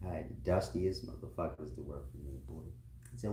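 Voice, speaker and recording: A man's voice: deep voice, brisk, mellow, a little hiss or hum. A man talking in a loose, rambling, profane monologue, laughing often. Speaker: online commentator. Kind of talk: casual monologue. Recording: roomy echo.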